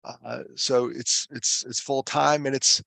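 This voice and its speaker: The man behind a suicide prevention foundation, a regular on this podcast, shares stories conversationally, mixing self-deprecating humor with earnest emphasis when pressing a point. He speaks slowly in a steady, mid-range, gravelly voice with a sharp tone and no room sound.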